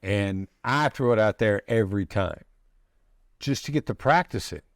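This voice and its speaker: Low-voiced man explaining negotiation. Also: lively intonation, dry recording, clean studio sound. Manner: measured, explanatory, with pauses and restarts. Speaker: negotiation expert guest. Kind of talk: conversational interview answers.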